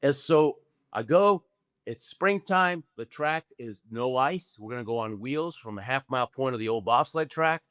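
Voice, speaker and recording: Animated older man telling a story. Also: medium pitch, moderate pace, clear, resonant tone, dry recording, clean studio sound. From Argentina. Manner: animated storyteller, acts out dialogue, frequent "okay?" tag questions. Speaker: guest, Olympic luge athlete. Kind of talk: storytelling interview answer.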